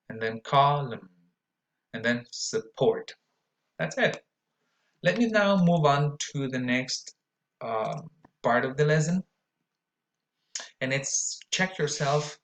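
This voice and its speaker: A male English teacher talks at an unhurried pace through a pronunciation lesson. He drags out each example word and says it twice or three times. His delivery is careful and drilled. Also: mid-range voice, a bit bright. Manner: slow, deliberate, repeats example words with exaggerated stretched vowels.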